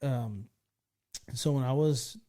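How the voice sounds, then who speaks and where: A man's voice: mid-range voice, slow pace. Laughing, swearing storyteller man. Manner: animated, swears freely, laughs through his story. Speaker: podcast host. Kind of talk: casual storytelling chat.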